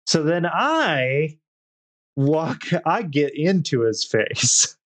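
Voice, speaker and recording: A man's voice: on the high side, drawn-out words. Swearing young man telling a story. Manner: profane, animated storyteller doing quoted voices. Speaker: podcast co-host. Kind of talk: casual storytelling chat.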